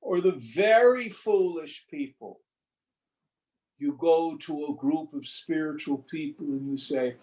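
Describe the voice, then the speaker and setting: A man teaching scripture over a video call, telling a parable slowly and deliberately and posing rhetorical questions. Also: a little high, a little mellow, low-quality recording. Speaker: spiritual teacher. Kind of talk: scripture lesson with storytelling. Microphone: video call recording.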